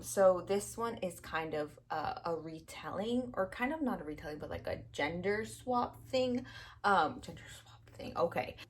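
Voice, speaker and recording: A young woman vlogging about books in a chatty, gushing way, full of fillers and acted-out reactions. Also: on the low side. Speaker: book vlogger. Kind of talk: casual chat.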